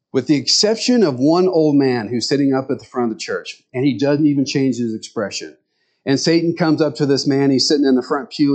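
A man's voice: mid-range voice, a little mellow. A male pastor giving a conversational sermon, full of rhetorical questions.

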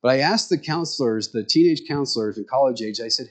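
A man's voice: mid-range voice, animated, normal speed. Man preaching in a frank, storytelling way. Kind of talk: sermon told as personal stories. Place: small rural church.

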